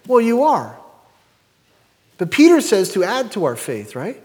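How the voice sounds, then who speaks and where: Man, 50s, pastor preaching a sermon, high voice, rhetorical questions, long hall reverb. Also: big pitch swings, moderate pace.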